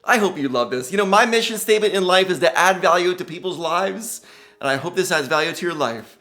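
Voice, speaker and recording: A man's voice: sits high, animated, fairly quick, sharp tone. A middle-aged man giving a gushing motivational commencement speech, exclaiming often and calling listeners guys. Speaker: commencement speaker.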